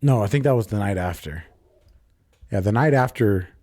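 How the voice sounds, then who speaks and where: A man's voice: on the low side, lively intonation, normal speed, warm tone, no room sound. A young man hosting a solo podcast, telling a personal story in a rambling, profane, confessional way. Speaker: podcast host. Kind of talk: casual solo podcast monologue.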